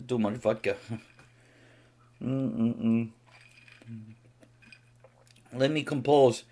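A boastful, vodka-soaked Siberian, put on by a man rambles in broken English with a thick Russian accent. His deadpan jokes swing up and down in a lively, animated pitch over a mid-range voice. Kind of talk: comedic character monologue on a live stream.

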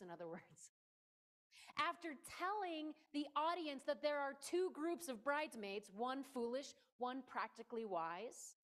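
A woman delivers a conversational sermon in a church, her voice sitting high. She is playful and emphatic, frequently pausing to address her listeners directly.

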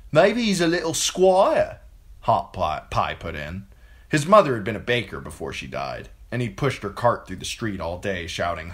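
A man reading a novel aloud as an amateur audiobook narrator, in an expressive storytelling way. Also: sits low.

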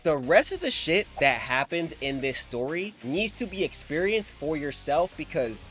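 A man's voice: on the high side, very animated, moderate pace, a bit bright, soft background music. A man giving a casual, slang-filled recap of a comic story, emotionally invested in the hero. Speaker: manhwa recap creator.

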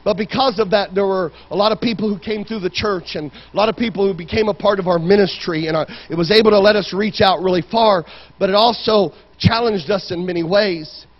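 High-voiced fervent preacher. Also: male voice, brisk, highs cut off. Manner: fervent, swings from loud shouting to quiet storytelling. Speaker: pastor. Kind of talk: sermon. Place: church sanctuary.

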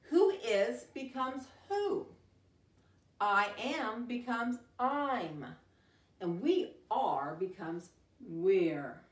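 A middle-aged woman teacher reading a picture book to young children, animated and exclaiming. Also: fairly high pitch. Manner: animated, gasping and exclaiming, speaks slowly and sing-song to young children. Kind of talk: storytime read-aloud lesson. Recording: roomy, from a distance.

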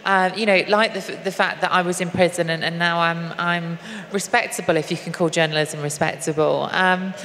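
A woman's voice: on the low side, fairly even intonation, a bit bright. Earnest woman on a reverberant stage. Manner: earnest, halting with frequent restarts. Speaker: activist and guest. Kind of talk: live on-stage interview. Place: stage at a live event. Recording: long hall reverb, faint noise.

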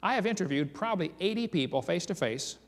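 A high-pitched man talks fast while presenting a creation seminar as dramatic storytelling, reading eyewitness accounts aloud with animated emphasis. He's recorded in a large hall or church, with long reverb trailing his voice.

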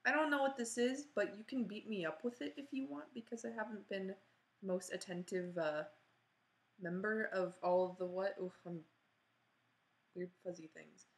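A woman's voice: mid-range voice, moderate pace, vocal fry, darkish tone, low-quality recording. A woman rambling through an awkward, self-mocking apology video at home, recorded on her computer. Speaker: vlogger. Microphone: computer mic.

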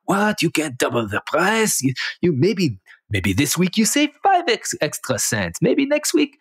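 A man's voice: a little high, huge pitch swings, measured pace, slightly rough, pitched above the performer's own voice, full character voice. A man putting on an indignant older Israeli man haggling over a price, with an Israeli accent and broken, outraged English.

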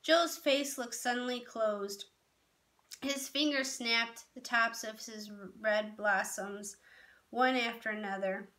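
A woman storyteller reading a novel aloud in a measured, expressive way. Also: fairly high pitch.

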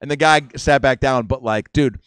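Podcast host, male, mid pitch, dry close sound, lively storyteller. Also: normal speed, clean tone, no room sound. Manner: animated storyteller acting out quotes. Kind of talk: casual chat, storytelling. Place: comedy club room.

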